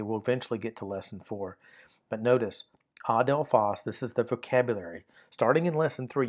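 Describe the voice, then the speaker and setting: A middle-aged man teaching a grammar lesson in a patient, repetitive way, often restarting his sentences and filling pauses with "uh". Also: lowish voice. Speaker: Greek teacher. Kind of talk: recorded lesson explaining grammar.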